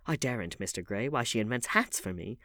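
Man voicing a witty duchess, playful, bantering, lively rise and fall, dry close sound. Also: medium pitch, fairly quick, dry recording, pitched above the performer's own voice. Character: witty, teasing aristocratic young duchess.

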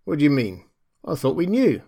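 A man's voice: a little high, big pitch swings, normal speed, gravelly, warm tone, heavily acted. A man voicing George, a bored and homesick computer engineer who talks in a dry, grumbling way, in an audiobook reading. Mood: weary. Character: weary, bored male computer engineer far from home.

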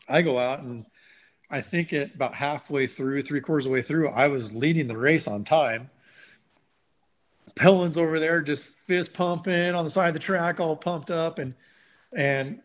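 A man telling a long story in casual conversation, animated and acting out what others said. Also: mid-range voice. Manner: animated, acts out quotes of others. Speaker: guest.

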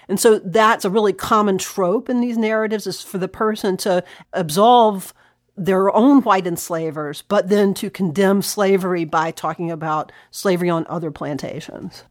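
A woman's voice: medium pitch, moderate pace, no echo. Woman historian explaining in a dry room. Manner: animated, reads quotes aloud with laughs. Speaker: historian guest. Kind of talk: conversational explanation.

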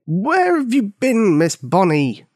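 A man's voice: high voice, wildly swooping pitch, slow, darkish tone, dry recording, clean studio sound, pitched above the performer's own voice, heavily acted. A man doing a stern old lake keeper.

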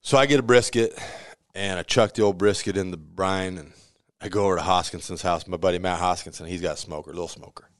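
A man with a very low voice runs through stories from his pizzeria kitchen in an easy, chatty way. He slips into the voices of the people he quotes and laughs along as he goes. The sound is close and dry, with no room around it. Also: fast, no room sound. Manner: animated storyteller who acts out quoted voices, laughs often. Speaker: pizzeria owner. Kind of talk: casual storytelling interview.

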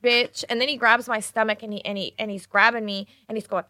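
A woman co-host telling animated, profanity-laced stories in a casual chat. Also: a little high, quick pace, no room sound, clean studio sound.

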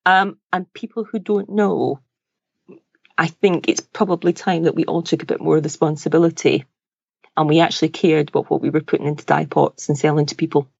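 A woman's voice: low-pitched, fairly even intonation, fairly quick, creaky, darkish tone, breathy edge, no echo, dull audio. A woman guesting on a podcast, speaking earnestly and forthrightly. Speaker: podcast guest, wool dyer. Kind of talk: interview.

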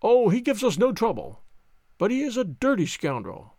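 A man's voice: high-pitched, wildly swooping pitch, moderate pace, a little mellow, no room sound, studio quality, voice pushed up, full character voice. A man doing a hearty veteran police inspector. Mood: jovial.

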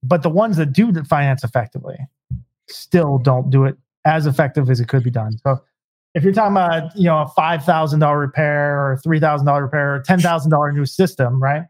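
A man's voice: on the high side, fairly quick, dry recording. A man giving emphatic business advice in a podcast conversation, often tagging points with rhetorical questions. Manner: emphatic, rhetorical "right?" asides. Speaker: home service business consultant.

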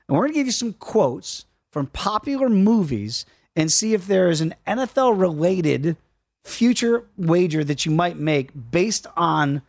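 A man's voice: sits high, animated, a little slow, dry recording, clean studio sound. A man hosting a sports betting radio show, chatting casually in a rambling, jokey way and doing live ad reads.

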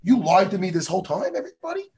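A man mimicking an indignant young woman warrior storming off, in a huffy, gravelly voice. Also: high voice, sing-song, very fast, darkish tone, pitched below the performer's own voice, full character voice.

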